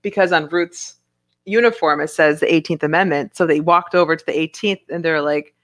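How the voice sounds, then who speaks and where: A woman's voice: deep voice, fairly quick, dry recording. A woman chatting casually and telling stories in a friendly, talkative way. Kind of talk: casual podcast chat.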